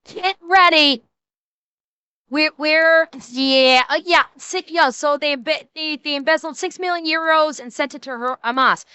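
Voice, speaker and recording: A woman streamer reacts live, talking in long, rambling runs full of swearing and blunt opinions. Her voice sits high and sounds bright and crisp, and the dry mic keeps her right up close. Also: no room sound. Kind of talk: casual live-stream commentary.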